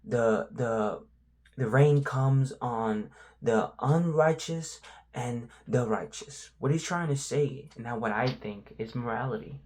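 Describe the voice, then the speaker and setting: Male vlogger sharing his struggles with faith in a candid, halting, reflective way. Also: medium pitch, a little mellow. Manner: reflective, halting, lots of "you know" fillers.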